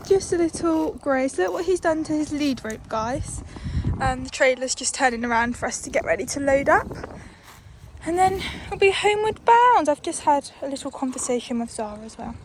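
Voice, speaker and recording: A woman's voice: high-pitched, animated, normal speed, background noise. A young woman chatting to camera about her horse, casual and self-mocking, walking outdoors. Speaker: horse rider vlogger.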